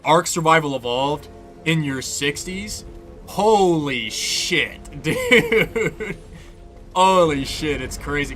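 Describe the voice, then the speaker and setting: A man's voice: a little high, sharp tone. A young man streaming a game, chatting casually in a loose, profane, rambling way and laughing often. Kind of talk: casual chat while gaming.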